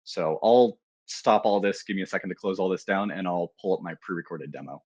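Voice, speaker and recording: A man's voice: low-pitched, fairly quick, darkish tone, husky, no echo, lo-fi sound. A man presenting a security tool in a live technical demo, talking casually with fillers and restarts.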